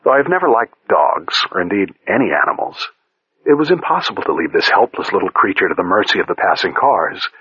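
Low-voiced man reading a story aloud. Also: very animated, fairly quick, sharp tone, breathy edge, no echo. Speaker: audiobook narrator. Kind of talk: scripted first-person story reading. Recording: dull lo-fi recording.

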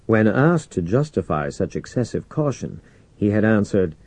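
A man reading an audiobook as narrator in a measured, expressive way. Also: lowish voice, no echo. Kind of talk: scripted narration.

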